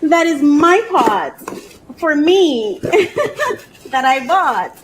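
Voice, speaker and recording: A woman vlogging casually, who swings from gushing squeals and laughter to a softer, reflective way of talking about her feelings. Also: high-pitched, lively intonation, drawn-out words, pauses often, background noise. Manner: reflective and soft-spoken when sharing personal feelings. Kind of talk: casual emotional vlog.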